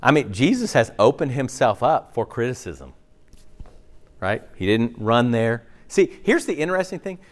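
A man preaching a sermon in a conversational, animated way, acting out the voices of the people in the story. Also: mid-range voice, normal speed. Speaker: pastor.

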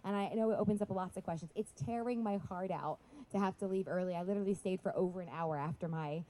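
A woman's voice: on the low side, fast. A woman speaking live at a Christian festival, raising her voice to reach the back of the audience, with chatty, apologetic asides. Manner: projecting loudly to reach the back. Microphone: PA microphone.

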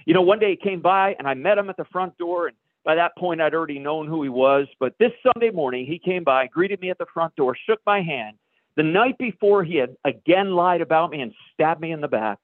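A pastor telling a personal story in a sermon, a lively storyteller who acts out the dialogue. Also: male voice, on the high side, brisk, no room sound. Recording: dry, phone-like radio broadcast.

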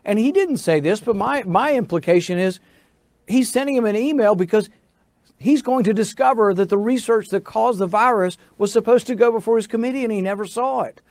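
High, gravelly male senator. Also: brisk, a little mellow, no echo. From United States. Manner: insistent, building to indignation. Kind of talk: interview answer, storytelling.

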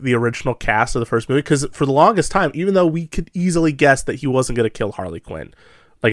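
A man co-hosting a casual podcast about a film, animated and laughing often. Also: mid-range voice, no room sound, clean studio sound. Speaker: podcast co-host. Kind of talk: casual movie discussion.

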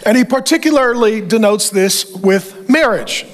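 High-voiced joking pastor. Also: male voice, measured pace. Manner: animated, joking, acts out quotes. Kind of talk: humorous sermon.

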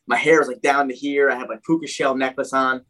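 Young adult man, animated, chatty guest recounting his past in a mid-range voice. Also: medium pitch, quick pace, poor audio. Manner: animated, heavy use of "like" and "dude". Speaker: guest telling his life story. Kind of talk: casual storytelling.

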